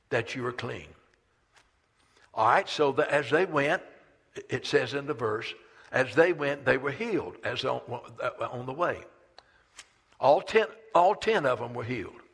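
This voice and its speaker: A male pastor preaches slowly and deliberately, his bright, slightly husky voice rising to loud proclamations and dropping to near-whispers. His pitch moves a great deal as he dramatizes the story. The sound carries the long reverb of a church hall. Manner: dramatic preaching, swinging from loud declarations to hushed asides. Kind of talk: sermon. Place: church sanctuary.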